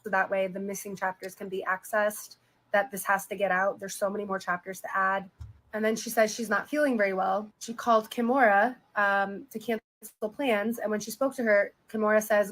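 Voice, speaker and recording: A woman's voice: mid-range voice, flat delivery, normal speed, a bit bright, poor audio. A woman on a live stream reading passages from a book and summarizing them in a casual way. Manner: retells passages in plain summary, casual asides. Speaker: co-host reading a book aloud.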